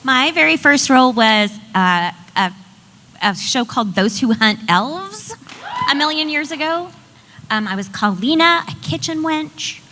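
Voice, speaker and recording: A woman voice actor chatting on a convention panel, playful and quick to laugh. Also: high voice, lively intonation, bright, forceful tone. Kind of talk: casual panel chat. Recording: noisy convention hall mic.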